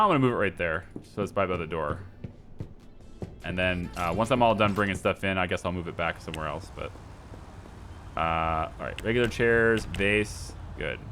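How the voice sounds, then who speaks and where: A lower-voiced man chatting through his gameplay with a bouncy, animated pitch. He rambles and second-guesses himself, joking about his own indecision, while faint music plays behind him. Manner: rambling, indecisive, self-mocking. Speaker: gameplay streamer. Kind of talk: casual gameplay commentary.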